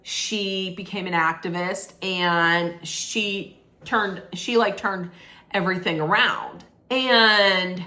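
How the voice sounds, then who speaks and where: Bright-voiced woman recapping a movie. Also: medium pitch, slow. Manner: rambling, restarts, lots of "like". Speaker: movie reviewer. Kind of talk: casual spoiler recap of a film.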